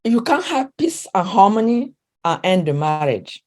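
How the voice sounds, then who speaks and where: A woman's voice: mid-range voice, sing-song, a little slow, darkish tone. Earnest accented woman coach, emphatic. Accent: non-native English accent. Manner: earnest, emphatic, repeats phrases and searches for words. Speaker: relationship coach, guest. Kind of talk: interview conversation.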